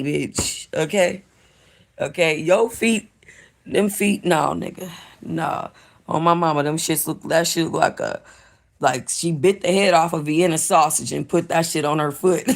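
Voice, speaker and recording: A woman from North Hollywood hosting a casual livestream, tired and giving loud, profane commentary full of laughter. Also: low voice, creaky. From North Hollywood, California. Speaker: livestream host.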